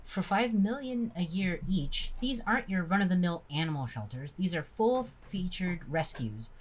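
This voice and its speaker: A woman's voice: fairly low pitch, lively intonation, normal speed. A woman reading a text game aloud with friends, breaking into laughter and stumbling over words. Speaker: game player.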